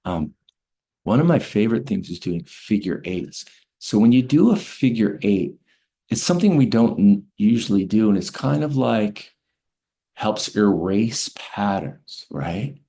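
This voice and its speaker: A man with a very low, gravelly voice teaches in an easy lecture manner. He checks in with listeners often and drops to a soft, slow hush when he leads breathing. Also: big pitch swings. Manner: gentle, often checks in with "right?"; slows and softens to a hush while guiding breaths. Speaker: author and health teacher. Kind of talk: spoken lecture with guided breathing.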